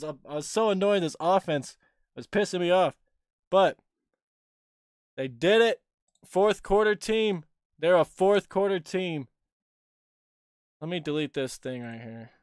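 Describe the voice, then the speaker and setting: Excitable young man, high clear voice. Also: dry recording, studio quality. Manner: excitable, rambling, swears casually. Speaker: livestream host and sports fan. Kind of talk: excited casual livestream chat.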